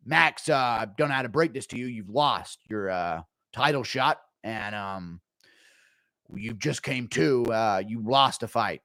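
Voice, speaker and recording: A man's voice: a little high, a little slow, sharp tone, no room sound, clean studio sound. A man streaming casually, reading out donations and joking in a wry, offhand way. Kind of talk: casual live-stream commentary.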